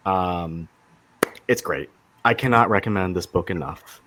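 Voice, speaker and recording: Low-voiced enthusiastic man. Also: a little slow, noisy background. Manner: enthusiastic, rambling, many fillers and restarts. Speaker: podcast host. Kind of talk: casual podcast chat.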